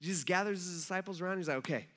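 A male pastor in his thirties preaching a relaxed, conversational sermon. He tells stories with animation and fills his speech with casual fillers. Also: sits high, a little fast. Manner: animated storyteller, acts out quotes, many fillers like "like".

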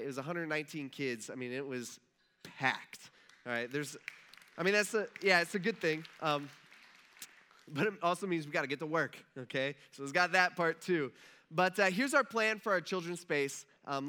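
A male pastor whose bright, forceful voice sits a little high for a man preaches a relaxed, conversational sermon in the church auditorium at a moderate pace. Retelling a story, he slips into casual dialogue, with slight background noise present.

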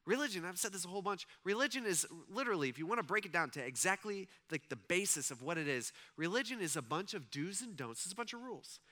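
A man's voice: sits high, fast talker, hardly any pauses. A man preaching a casual, conversational sermon, acting out voices and asking his audience questions. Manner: animated, conversational, acts out voices, asks the audience. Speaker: pastor.

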